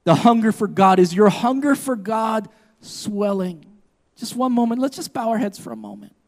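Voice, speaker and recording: A man's voice: high-pitched, normal speed, vocal fry. A man preaching a sermon as pastor, emphatic and impassioned, a parent of children. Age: adult with children.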